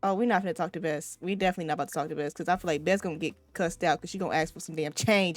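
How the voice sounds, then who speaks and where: A woman's voice: on the low side, fairly even intonation, very fast, few pauses, no room sound. A woman giving casual, chatty gameplay commentary, swearing freely and talking straight to her viewers. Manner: chatty, profane, addresses viewers. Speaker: let's play host.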